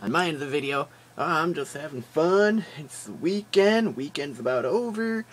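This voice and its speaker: A man's voice: fairly high pitch, normal speed. Tired, jokey guy vlogging. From Wisconsin. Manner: animated, jokey, rambling, with fillers. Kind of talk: casual daily vlog chat.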